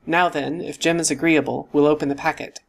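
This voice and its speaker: A man voicing a calm, dry-witted middle-aged doctor who speaks in a measured way. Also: fairly high pitch, gravelly. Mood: composed.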